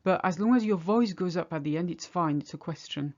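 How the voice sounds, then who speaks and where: A woman's voice: lowish voice, fairly quick, darkish tone, dull audio. A woman teaching a language lesson, patiently explaining each example step by step. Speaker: French teacher.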